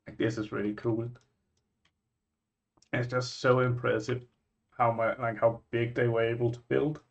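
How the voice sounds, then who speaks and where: A man from Scandinavia, a vlogger reacting to places in casual chat, musing and thinking out loud with frequent restarts. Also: medium pitch, level tone, moderate pace, gravelly, highs cut off.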